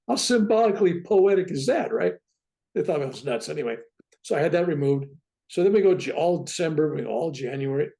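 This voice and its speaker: A very gravelly older man in his seventies tells his story as a talk-show guest. His pitch swoops up and down as he goes. He sits a little high for his age and keeps checking in with "right?". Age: 70s. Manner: lively, keeps tagging "right?" onto his points. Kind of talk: animated personal storytelling.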